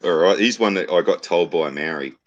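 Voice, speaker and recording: A man with a very deep, low Australian voice spins crude jokes and yarns in easygoing chat. His speech is laid-back and full of swearing and local slang. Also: a little fast, dull audio. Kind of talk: casual crude joke-telling chat.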